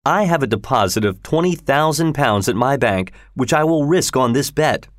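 A man doing a calm, measured Victorian gentleman. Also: no echo, clean studio sound, natural voice. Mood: composed. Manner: low-voiced, measured, unflappable.

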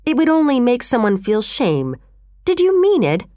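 A brooding, intense man who probes and presses, as a woman reading a storybook puts him on. His pitch swings widely, close and dry with no room sound. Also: wildly swooping pitch, normal speed, dark tone, dry recording. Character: brooding, intense, unsettling male customer.

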